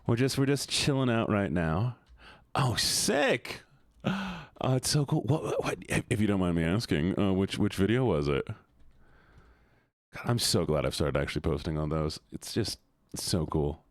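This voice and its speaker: A man's voice: sits low, animated, moderate pace, no echo, clean studio sound. A young man streaming a game, chatting casually with his chat, laughing and swearing often. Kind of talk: casual live-stream chat while gaming.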